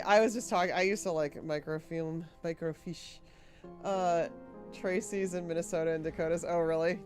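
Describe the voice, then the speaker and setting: A woman from Rhode Island streaming a game, chatting casually and often giggling as she rambles. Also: fairly low pitch. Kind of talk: casual livestream chat.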